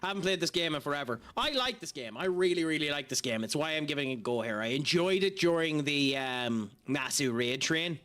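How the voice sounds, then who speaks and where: In a slightly high, fairly bright, expressive voice, a young man streams a game at a brisk clip with hardly any pauses. His casual commentary is chatty and self-deprecating, with many fillers.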